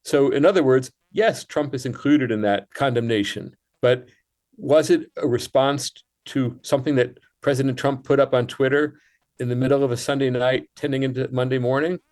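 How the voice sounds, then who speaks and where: A man's voice: medium pitch, moderate pace, a little mellow. Thoughtful man explaining at length. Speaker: guest writer. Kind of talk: radio interview.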